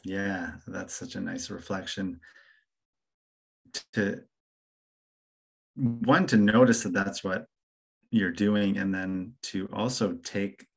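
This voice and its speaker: Low-voiced, thoughtful male interviewer. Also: creaky, slightly rough, low-quality recording. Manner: thoughtful, affirming, halting with restarts. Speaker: interview host. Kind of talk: conversational interview.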